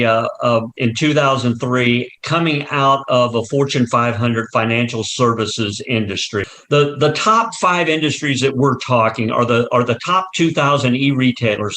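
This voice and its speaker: A man's voice: mid-range voice, fairly bright tone. Man explaining his business in an interview. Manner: explains through long walk-through examples, with frequent restarts. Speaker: company marketing executive, interview guest.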